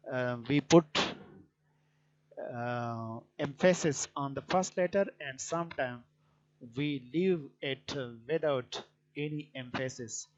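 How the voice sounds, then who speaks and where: A man teaching a grammar lesson, explaining points deliberately with frequent hesitant fillers. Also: on the high side. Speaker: English teacher. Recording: dull lo-fi recording.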